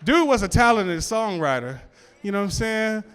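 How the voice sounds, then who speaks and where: A man's voice: high voice, big pitch swings, moderate pace, a bit bright, clean tone. A man doing stand-up on a club stage, loose and conversational, who also freestyles raps. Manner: loose, conversational, lots of "you know what I'm saying". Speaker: stand-up comedian. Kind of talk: stand-up set with freestyle rap. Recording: hall reverb with music.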